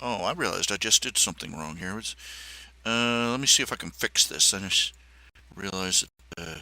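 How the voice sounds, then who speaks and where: Bright-voiced rambling man streaming. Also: fairly low pitch. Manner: rambling, halting, many fillers and restarts; opinionated, sardonic. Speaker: livestream host. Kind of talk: casual livestream chat while drawing.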